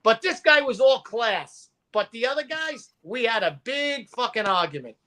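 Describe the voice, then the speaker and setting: Guy, guest storyteller; punchy, bright tone, loud when he quotes people. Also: extremely high pitch, moderate pace. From Brooklyn, New York. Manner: animated, profane, acts out quotes loudly. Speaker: podcast guest. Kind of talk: casual storytelling.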